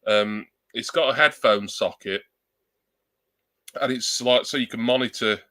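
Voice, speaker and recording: A man's voice: mid-range voice, unhurried, bright, forceful tone, no echo. A man chatting casually on a live stream through a new external desk mic at his laptop, rambling and joking at his own expense. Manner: rambling, self-deprecating, joking.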